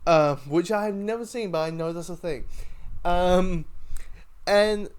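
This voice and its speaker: A man talks through a TV episode review in a loose, rambling way, with a somewhat high voice. He keeps stopping and restarting his sentences. It sounds like casual chat, not a script. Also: measured pace, darkish tone, clear, resonant tone. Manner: rambling, lots of fillers and restarts.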